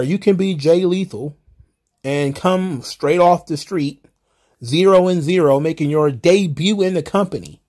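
A man's voice: high voice, darkish tone. A man hosting casual solo wrestling recap commentary, rambling and wry, often exasperated, with the odd swear.

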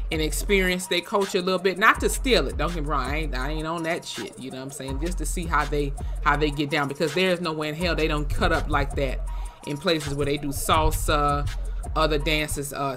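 A YouTube host chatting casually in a reaction vlog, slangy, profane and animated. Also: medium pitch.

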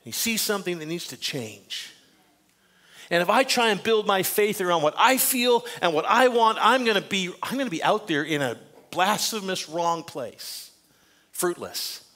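An older man preaching a sermon as pastor, emphatic and earnest, often dropping to quiet, confiding asides. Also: high voice, expressive, moderate pace. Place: church sanctuary.

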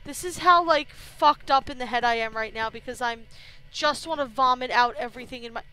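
A woman's voice: fairly high pitch, a little fast, sharp tone. A young woman streaming a horror game, talking to herself and her viewers, frightened and swearing, often crying out. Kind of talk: live horror game commentary.

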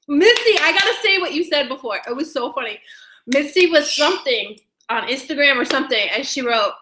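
Giggly and bubbly, a high-voiced woman with a sharp tone welcomes viewers in her YouTube live chat with long, drawn-out greetings. The casual stream talk was captured in a room with noticeable echo.

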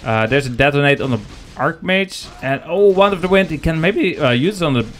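A man's voice: a little high, lively intonation, fairly quick, a bit bright. Joking, chatty male game caster. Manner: joking, chatty, talks to the chat. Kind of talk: live esports commentary.

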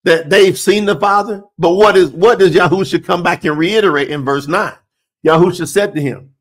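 A man's voice: high-pitched, moderate pace. A man preaching a sermon, reading scripture aloud and putting emphatic, direct questions to his listeners.

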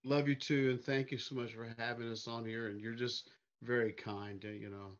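A man from Missouri, answering interview questions in an easygoing, halting way with many fillers. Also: mid-range voice, level tone, highs cut off. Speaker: interview guest, singer. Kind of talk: casual interview chat.

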